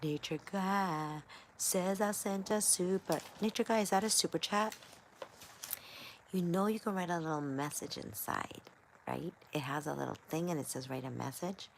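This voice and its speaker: A woman's voice: deep voice, normal speed, vocal fry, slight background noise. A woman hosting a livestream, reading chat comments in a scattered, playful, chatty way.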